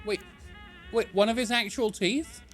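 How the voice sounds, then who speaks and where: A man's voice: very high voice, lively intonation, unhurried, faint music behind. A man streaming a video game, commenting casually in a joking, incredulous way. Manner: joking, incredulous, laughs often.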